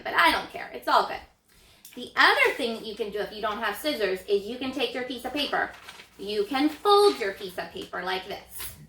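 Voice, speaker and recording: A woman teacher walks young children through letter sounds in a bright, encouraging, sing-song voice. Her pitch sits a little high, and the room gives her words a noticeable echo. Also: a little hiss or hum. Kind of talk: early reading lesson for children.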